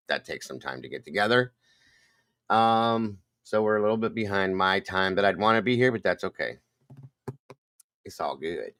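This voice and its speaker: A man's voice: lowish voice, a bit bright, dry recording. An older man hosting a casual livestream, rambling and greeting viewers one by one by name. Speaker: livestream host.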